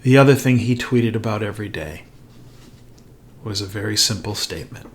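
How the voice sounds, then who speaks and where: A middle-aged man hosting a show, telling an anecdote in an animated way and acting out the quoted lines. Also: fairly low pitch, moderate pace. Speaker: host. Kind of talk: storytelling commentary.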